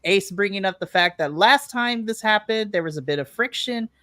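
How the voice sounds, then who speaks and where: On a remote live stream, a podcast co-host chats through a casual recap, laughing often and acting out their own reactions. The voice is middling in pitch, pushed and bright, with lively intonation at normal speed, recorded dry and close.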